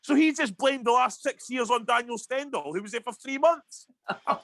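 A man's voice: extremely high pitch, expressive, fairly quick, gravelly, a bit bright, dry recording. A Scottish man ranting heatedly in a casual podcast chat, swearing often. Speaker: podcast co-host.

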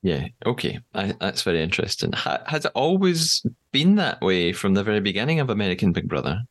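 A man's voice: on the low side, very animated, fairly quick. A man hosting a podcast, chatting casually and introducing his guest. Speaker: podcast host.

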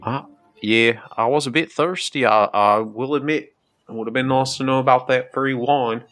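A man playing a tabletop role-playing game. He talks at a middling pitch, rambling and hedging. He keeps qualifying and correcting what he just said. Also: normal speed, fairly bright tone. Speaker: player. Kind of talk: casual tabletop game play.

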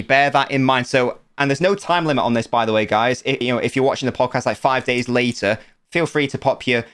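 A man's voice: medium pitch, fairly bright tone, clean tone. Playful man hosting a quiz. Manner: playful, teasing, quick to laugh. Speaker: podcast host running a quiz. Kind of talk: casual podcast chat.

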